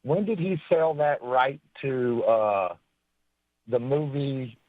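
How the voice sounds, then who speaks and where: A man's voice: medium pitch, slow pace, no room sound. A man calling in to a radio show who hesitates and searches for words as he asks his question. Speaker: caller. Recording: tinny phone line.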